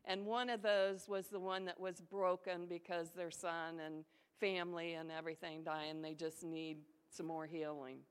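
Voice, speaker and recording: Low-voiced woman telling a testimony in a reverberant hall. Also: level tone, moderate pace, few pauses, clear, resonant tone. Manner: conversational retelling that acts out the quoted voices. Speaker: ministry volunteer sharing a testimony. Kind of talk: spoken testimony storytelling. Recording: long reverb of a large hall.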